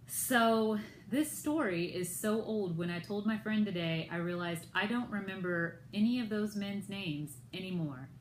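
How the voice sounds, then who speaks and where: A woman's voice: mid-range voice, unhurried, hardly any pauses, roomy sound, a little hiss or hum, low-quality recording. An American woman telling a personal story in a vlog, retelling it with indignation and acting out others' lines in raised voices. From United States. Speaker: vlogger.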